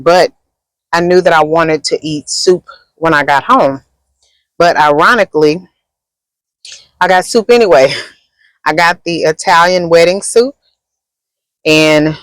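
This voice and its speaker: A woman's voice: low voice, fairly bright tone, clear, resonant tone, dry recording, low-quality recording. A woman content creator talking casually in a rambling, chatty vlog from inside a car, eating as she goes. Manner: rambling and chatty, many fillers; talks while eating.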